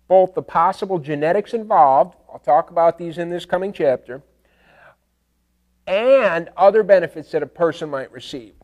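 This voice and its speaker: A man teaching a class in a casual lecture, telling stories with animation and often checking in with "okay?". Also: a little high. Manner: animated storytelling, acts out screams and animal calls.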